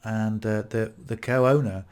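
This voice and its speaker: A man's voice: on the low side, fairly even intonation, slow pace, darkish tone. A man in his fifties with a British accent, talking casually to camera about online marketing, reflective and prone to restarting his sentences. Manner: conversational, restarts often, self-reflective. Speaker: affiliate marketing vlogger.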